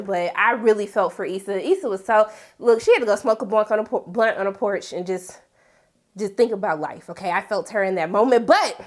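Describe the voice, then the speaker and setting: A woman talking casually as she recaps a TV episode, animated and sassy, with big incredulous jumps in pitch and asides like "honey.". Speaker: TV recap vlogger. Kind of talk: casual chat.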